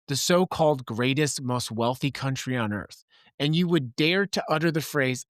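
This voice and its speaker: A man's voice: mid-range voice, fairly bright tone, dry recording. Earnest middle-aged man, dry close sound. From Wyoming, USA. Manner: earnest, impassioned, personal storytelling. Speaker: podcast host. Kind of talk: late-night political commentary monologue.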